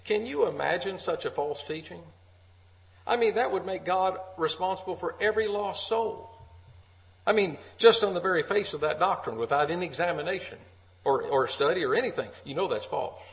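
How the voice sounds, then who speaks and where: A man's voice: high-pitched, moderate pace, vocal fry, low-quality recording. A man preaching an earnest sermon at a church meeting, repeating key phrases for emphasis.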